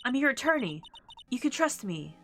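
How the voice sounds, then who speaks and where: A woman doing a young lady lawyer from a courtroom game, her voice pitched high and gentle. She pleads earnestly and reassures her client. Faint game music plays behind. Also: sing-song, moderate pace, full character voice. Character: young female defense attorney, calm and reassuring.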